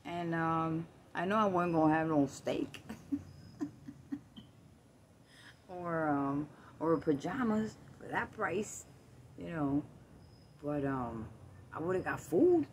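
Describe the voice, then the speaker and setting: A woman's voice: deep voice, animated, slow pace, darkish tone, slight background noise. A woman vlogging on a night walk through her neighborhood, casually and animatedly retelling a story with lots of quoted back-and-forth. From Puerto Rico. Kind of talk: casual storytelling while walking. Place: outdoors in a quiet neighborhood at night.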